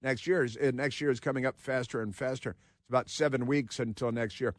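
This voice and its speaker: A man's voice: medium pitch, fairly even intonation, a little fast, no echo, clean studio sound. A man hosting a talk radio show, rambling sardonically between headlines he reads aloud.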